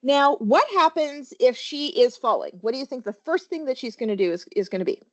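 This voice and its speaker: A woman's voice: sits high, animated, brisk. A woman workplace safety trainer giving a webinar presentation, talking animatedly and quizzing her listeners with questions.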